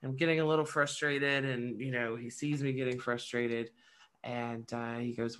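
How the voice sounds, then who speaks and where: A woman's voice: rumbling low, normal speed, fairly bright tone. A woman in her thirties telling funny stories about her kids in a casual podcast chat, swearing freely and acting out quoted voices. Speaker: podcast co-host.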